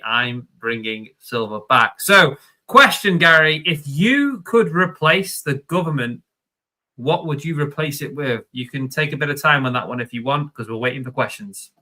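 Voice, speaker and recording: A man hosts a live stream, chatting loosely as he reads out viewer questions. His voice sits a little high and rings very bright and forceful. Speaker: host.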